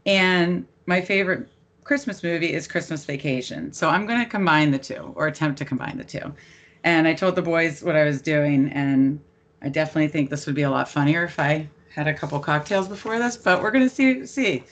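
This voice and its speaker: A woman's voice: deep voice, brisk, dull audio. A middle-aged woman hosting a casual sports podcast, chatty and self-deprecating. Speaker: podcast host.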